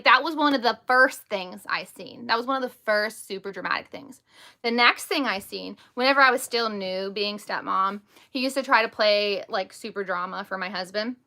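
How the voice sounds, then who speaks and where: A woman with a bright, higher-pitched voice hosts a casual live stream. She talks bluntly and defiantly, leaning on "like" and stressing her words hard. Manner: heavy use of "like" and "over the top". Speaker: host and stepmother.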